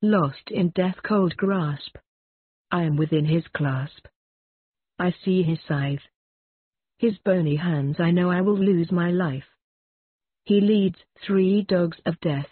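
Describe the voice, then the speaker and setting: Frightened dying woman, anxious and pleading, voiced by the narrator, husky tone over a tinny line. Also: medium pitch, dry recording. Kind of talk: reading a ballad aloud.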